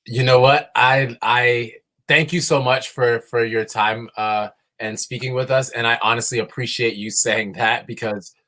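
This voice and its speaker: A man's voice: mid-range voice, fairly even intonation, measured pace, sharp tone. A man hosting a livestream event, friendly and rambling, often stumbling and restarting his words. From New York. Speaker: event host.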